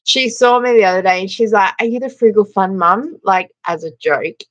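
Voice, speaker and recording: A middle-aged Australian woman hosts a casual livestream, laughing and chatting as she reads comments and greets viewers by name. She speaks at a moderate pace in a medium-pitched voice, and the high frequencies are cut off.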